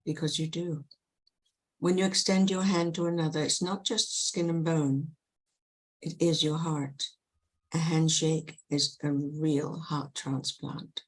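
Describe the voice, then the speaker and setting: A woman with a low voice leads a guided meditation. She talks slowly and gently, in a soothing tone. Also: little pitch movement, rough recording. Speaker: guest, past life regression hypnotherapist.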